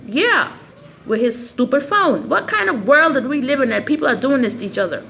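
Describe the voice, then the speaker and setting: A woman's voice: sits high, animated, a little fast, creaky, fairly bright tone, slight background noise. A woman talking casually to camera in a rambling, agitated way, often stumbling and repeating herself. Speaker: vlogger. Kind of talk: casual vlog monologue.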